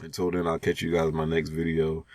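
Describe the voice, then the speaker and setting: Young man, very low voice, rambling casual vlog talk, fillers and restarts, dry close sound. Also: completely flat delivery, quick pace, a little mellow, no echo. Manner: laid-back slangy talk. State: sleepy. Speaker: YouTuber.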